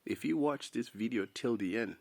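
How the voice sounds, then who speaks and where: A man's voice: mid-range voice, moderate pace, vocal fry, darkish tone. A young man from South Sudan talking casually and at length to camera, rambling and calling listeners "bro". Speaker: vlogger. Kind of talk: unscripted opinion monologue.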